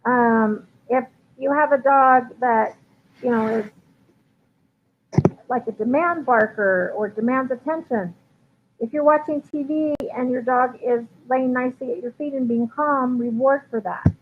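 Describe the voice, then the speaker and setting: On a casual live stream, a woman with a high-sitting voice answers questions from viewers about dogs at a measured pace, chatting away with frequent ums and likes. The audio, from a livestream computer mic, is tinny like a phone line and carries a faint hiss.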